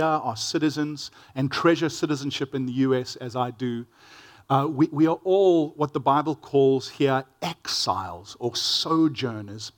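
A man with a South African accent preaching a sermon as a pastor, reading scripture and telling stories in an earnest, conversational way with gentle humor. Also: mid-range voice.

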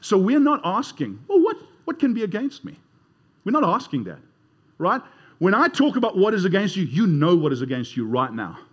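A man's voice: sits high, big pitch swings, normal speed, husky. A man preaching a sermon in a conversational way, leading the congregation in call-and-response. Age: 30s or older.

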